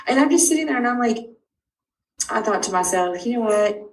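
A middle-aged woman telling a personal story about her child's illness, acting out each exchange with big jumps in pitch. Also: fairly quick. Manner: animated, acts out dialogue with big pitch jumps. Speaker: parent of a sick child. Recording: roomy sound from a distant mic.

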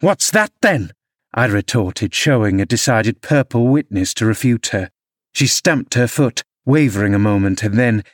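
A man narrating a classic novel as an audiobook, measured storytelling delivery. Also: on the low side, no echo, studio quality. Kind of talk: scripted narration.

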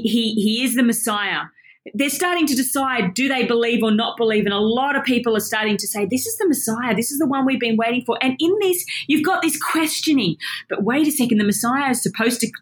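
A woman with a slightly higher voice gives an excited, casual Bible teaching. She talks in a chatty way and laughs often as she explains.

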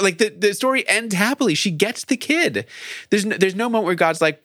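Male Bible professor, lively slightly higher voice, conversational, riffs and acts out quotes. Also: normal speed, dry recording, clean studio sound. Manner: thinks aloud, acts out quoted lines in varied voices. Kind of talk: conversational discussion.

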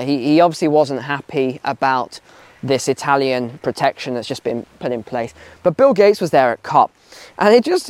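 A man's voice: fairly high pitch, darkish tone, no room sound. A man talking outdoors on a walk, giving emphatic opinions and repeating phrases for stress. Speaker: video commentator. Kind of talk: casual opinion vlog while walking.

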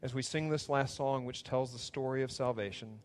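A man's voice: medium pitch, normal speed, soft background music. A man preaching a sermon as pastor, earnest and preacherly, in a church sanctuary. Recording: long hall reverb.

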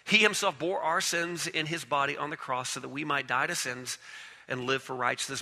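A man preaching a sermon, swinging from loud, urgent declarations to hushed, low passages. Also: fairly even intonation, brisk, vocal fry, long reverb tail.

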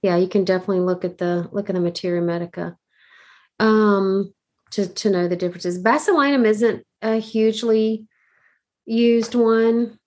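A woman co-hosting a podcast in casual chat, relaxed and agreeable, with many affirming fillers. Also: mid-range voice, normal speed. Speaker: podcast co-host.

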